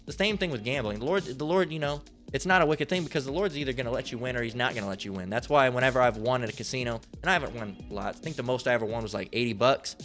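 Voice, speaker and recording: A man's voice: medium pitch, rapid-fire, hardly any pauses, a bit bright, soft background music. A man giving a casual Bible lesson in a rambling, slangy way, swearing freely. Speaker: lay Bible teacher.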